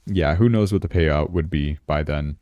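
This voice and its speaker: A man's voice: a bass voice, moderate pace, mellow, dry recording, highs cut off. A man hosting a casual crypto livestream, chatting and thinking aloud as he checks his charts, sounding tired. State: yawning, tired.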